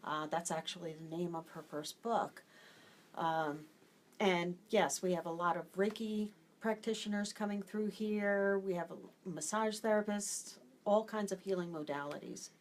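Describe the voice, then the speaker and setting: A woman hair restoration specialist calmly explaining her work, with frequent ums. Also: on the low side, a little slow. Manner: calm, explanatory, many ums. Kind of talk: explaining to a host.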